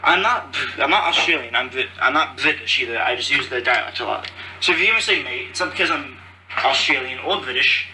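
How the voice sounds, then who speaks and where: A chatty, cheerful podcast host with a mid-range voice and lively intonation talks a little fast, wandering off and losing his train of thought. His phone recording is distant and noisy, with dishes, pots and cutlery clattering loudly.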